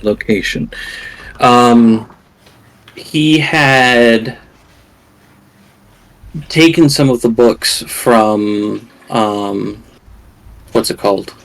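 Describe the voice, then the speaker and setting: A man narrating a tabletop game as its storyteller, his voice gravelly with steady mid-range pitch. He pauses and hunts for words with frequent fillers. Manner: hesitant, searching for words. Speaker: game master.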